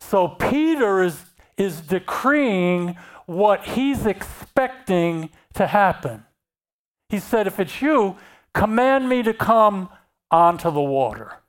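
Slow, deliberate preacher expounding scripture. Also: mid-range voice, very animated. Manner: reads scripture aloud and then explains it, repeating key phrases. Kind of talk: sermon.

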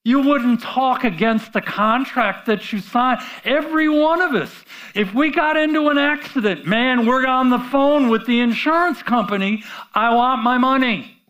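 A man's voice: very high-pitched, fairly bright tone. A man preaching a sermon in a conversational way, asking the audience rhetorical questions and often restarting his words. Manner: halting restarts and repeated words.

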